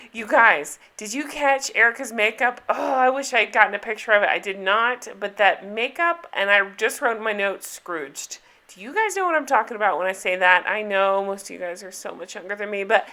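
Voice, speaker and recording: A woman's voice: medium pitch, sharp tone. A middle-aged woman hosting a casual reality TV recap, chatty and sarcastic, laughing often. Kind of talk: casual chat.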